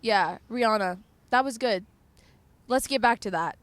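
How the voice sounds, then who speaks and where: A young woman from North Carolina, vlogging and telling a story in a chatty, animated way, with lots of "like" and frequent laughter. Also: fairly high pitch, a little slow, no room sound. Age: young adult. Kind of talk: casual storytelling chat.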